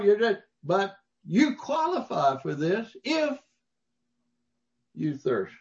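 Pastor, unhurried, emphatic folksy sermon delivery. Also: male voice, high voice, sing-song, dull audio. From Mississippi, US. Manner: folksy storytelling preacher, emphatic rises.

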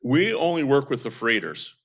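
A man in a casual ministry update, telling stories that wander and restart as he goes. His voice sits at an ordinary middle pitch. The recording is a little dull and lo-fi. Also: big pitch swings, normal speed. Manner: rambling anecdotal storytelling with restarts. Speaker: seamen's mission worker.

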